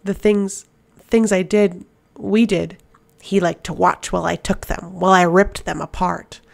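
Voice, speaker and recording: A woman's voice: on the low side, fairly even intonation, unhurried, vocal fry. A woman reading aloud, voicing a tormented man possessed by a demon, pleading and strained. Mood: haunted.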